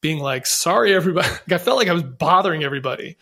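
A man's voice: on the high side, lively intonation, very fast, pushed and bright. A man telling his own story as a podcast guest, in an earnest, reflective way with frequent restarts. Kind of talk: candid conversational storytelling.

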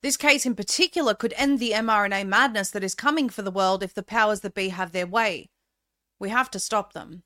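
Bright-voiced woman hosting a broadcast. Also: medium pitch, a little fast. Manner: urgent, campaigning tone. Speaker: host. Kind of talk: online broadcast interview and sign-off.

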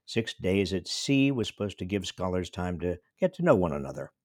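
A man's voice: low voice, sing-song, normal speed, darkish tone, no echo, studio quality. A man in his seventies from small-town New York, a professor telling a wry, reflective personal story. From small-town New York State. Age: 70s. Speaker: professor and commentator. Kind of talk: storytelling monologue.

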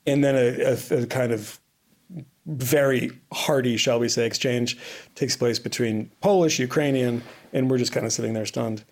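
A man's voice: mid-range voice, steady tone, normal speed. A man co-hosting a podcast, calling in from abroad and telling a long story in a tired, rambling way with many restarts. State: tired, bleary-eyed. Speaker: podcast co-host reporting from abroad. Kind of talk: casual conversational storytelling. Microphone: remote call-in.

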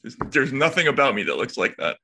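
A man's voice: mid-range voice, fast talker, vocal fry, a little hiss or hum. A middle-aged man co-hosting a podcast, chatting casually with a wry, teasing manner. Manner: wry, teasing, lively storytelling. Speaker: podcast co-host. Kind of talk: casual chat.

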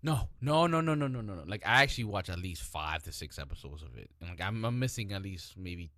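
A man co-hosting a casual chat about TV shows, animated and swearing, acting out characters as he tells the story. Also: deep voice, brisk, no room sound, studio quality. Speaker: podcast co-host.

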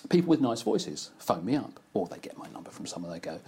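Ad creative, husky, lively pitch, anecdotal chat. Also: male voice, fast talker, hardly any pauses. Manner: anecdotal storyteller, animated delivery. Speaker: advertising creative who casts voice actors. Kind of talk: casual conversation.

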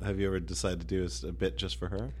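A man's voice: low-pitched, little pitch movement, racing, darkish tone, breathy edge. A man co-hosting a casual chat, asking the guest short questions.

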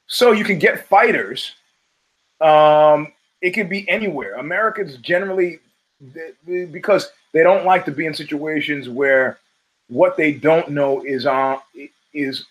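A man's voice: fairly high pitch, measured pace, fairly bright tone, rough recording. Rambling profane man telling stories. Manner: rambling, profane, storytelling with restarts. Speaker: podcast host. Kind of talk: casual monologue.

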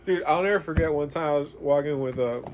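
A man chatting casually as a podcast guest in a comic shop, telling a profane story in a relaxed, slangy way. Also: on the high side, fast talker. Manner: laid-back, profane storyteller saying "dude" and "like". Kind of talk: casual chat.

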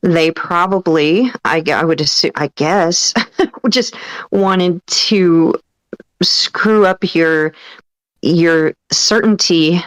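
Low-voiced woman, hesitant and dry. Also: slow pace, no echo, low-quality recording. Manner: hesitant, trailing off and searching for words. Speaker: podcast co-host. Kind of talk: casual radio show chat.

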